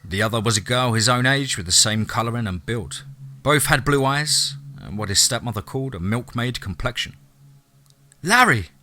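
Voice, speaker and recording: A man reading a novel aloud as narrator, steady storytelling. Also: mid-range voice, slight background noise. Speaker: audiobook narrator. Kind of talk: scripted narration.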